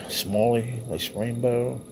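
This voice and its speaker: Speaking extremely slowly in a medium-pitched voice, a male livestream host reminisces over old photos in a loose, rambling, profane way. Background noise can be heard.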